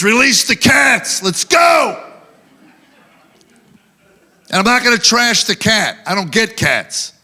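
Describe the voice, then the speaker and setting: A man doing stand-up on an awards show stage, spinning wry stories about home life. His voice is bright and sits a little high. He slips in quick character voices for his punchlines. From Tennessee, USA. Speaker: stand-up comedian. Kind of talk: live stand-up routine.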